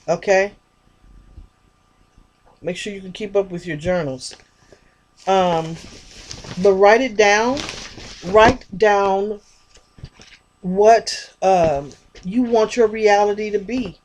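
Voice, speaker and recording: A woman's voice: mid-range voice, slow pace, pauses often, a little mellow, a little hiss or hum. A woman vlogger talking in a rambling, chatty monologue about spiritual ideas, addressing her viewers directly.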